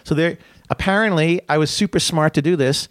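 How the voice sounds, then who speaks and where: A man's voice: a little high, a little fast, no room sound, clean studio sound. Rambling man telling comedy stories. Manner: rambling, self-interrupting, laughs while talking. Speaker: comedian guest. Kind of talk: casual storytelling chat.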